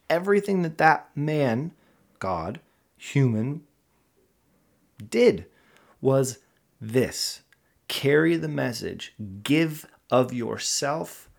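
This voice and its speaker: A man in a casual podcast conversation speaks with animated, emphatic energy. His mid-range voice rises and drops like a preacher's as he drives his points home. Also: medium pitch, gravelly.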